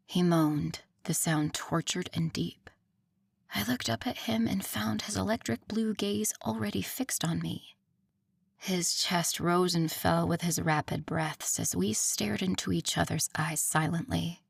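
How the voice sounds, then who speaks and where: A woman's voice: fairly low pitch, steady tone, unhurried, gravelly, breathy edge, no room sound, studio quality. A woman narrating a first-person romance audiobook in an intimate voice that often drops to a near whisper.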